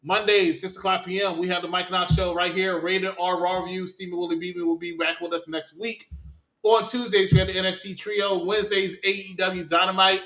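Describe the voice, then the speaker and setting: A man hosting a wrestling review show, calmly giving his take and reading the sign-off in a measured, announcer-like way. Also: high-pitched, roomy sound. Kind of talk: casual chat and show sign-off.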